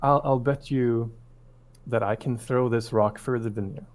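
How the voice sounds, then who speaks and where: A man voicing a tiny, frail but clever boy, speaking in a raised, bright, cheeky voice. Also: mid-range voice, fairly even intonation, measured pace, lightly acted.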